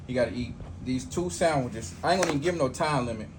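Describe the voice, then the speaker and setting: A man's voice: mid-range voice, fast talker, background noise. A man hosting a food challenge from behind the camera, teasing and laughing in a laid-back way. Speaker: challenge host filming. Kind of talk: casual challenge video.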